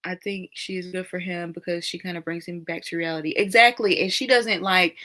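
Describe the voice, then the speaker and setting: A young woman hosts a relaxed live chat and answers viewer comments one by one. Her voice is bright and clear, and she laughs often. She keeps the talk loose and chatty. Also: fairly low pitch, normal speed. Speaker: live stream host.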